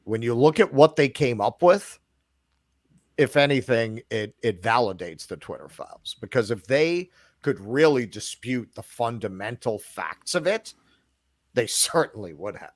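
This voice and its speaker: A man's voice: medium pitch, animated, a little slow, no echo. A man co-hosting a podcast in casual chat, joking with playful exaggeration. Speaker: podcast co-host.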